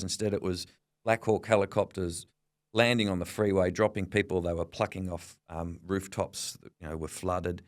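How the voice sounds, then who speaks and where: A middle-aged Australian journalist, a man, telling a lively anecdote in an interview and acting out the people he quotes. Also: fairly low pitch, no room sound, studio quality. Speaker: veteran journalist guest. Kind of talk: storytelling interview.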